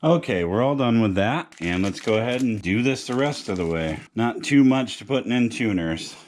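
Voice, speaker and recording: A man's voice: medium pitch, lively intonation, normal speed, noisy background. A man narrating a guitar repair how-to in a casual, joking, slangy way. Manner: laid-back, joking, slangy. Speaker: guitar repair video host.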